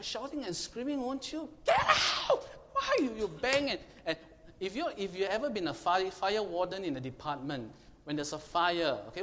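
A man preaching a sermon, emphatic and questioning his congregation, now and then shouting to make a point. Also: high voice. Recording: long hall reverb, faint room noise.

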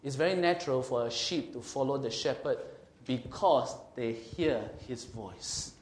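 A male pastor preaching an emphatic sermon. He slows and swells on scripture and asks the congregation questions. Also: mid-range voice, a little hiss or hum. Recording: roomy hall echo.

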